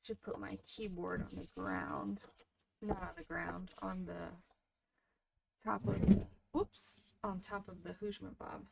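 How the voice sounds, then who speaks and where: A woman in her thirties hosting a crafting livestream, chatting softly and casually with her viewers while she works. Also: on the low side, fairly even intonation, takes it slowly, creaky, very noisy. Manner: soft-spoken, chatty, talks to viewers in the chat.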